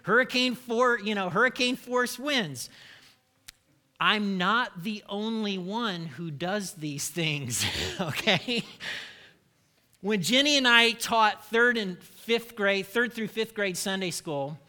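A middle-aged man delivers a sermon through candid, self-deprecating stories. His voice sits high for a man, with a very bright, forceful, sharp edge. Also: takes it slowly. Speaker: pastor.

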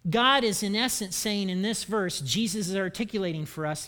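A man giving a church sermon as pastor, animated and humorous, with self-deprecating asides. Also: high-pitched, normal speed, hardly any pauses.

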